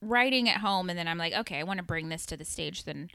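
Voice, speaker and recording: A woman's voice: fairly low pitch, lively intonation, fast, pushed and bright, clear, resonant tone, dry recording, studio quality. A woman co-hosting a podcast, a stand-up comedian in easygoing casual chat who laughs often.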